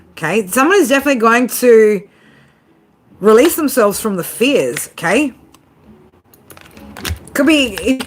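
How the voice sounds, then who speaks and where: A woman's voice: mid-range voice, a little hiss or hum. A woman giving a casual tarot reading to her viewers, swearing freely, laughing often and talking straight to them. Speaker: tarot reader.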